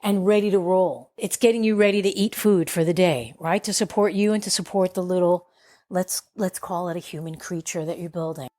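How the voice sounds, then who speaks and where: A woman's voice: lowish voice, fairly quick, mellow, no room sound. Plainspoken woman nutrition expert, dry sound. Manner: frank, plainspoken, explaining. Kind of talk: explanatory talk.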